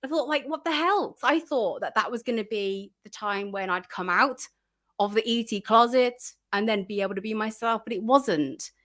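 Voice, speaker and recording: A woman's voice: medium pitch, moderate pace, fairly bright tone. A woman guest chatting casually in an interview, full of fillers and restarts, acting out her own reactions.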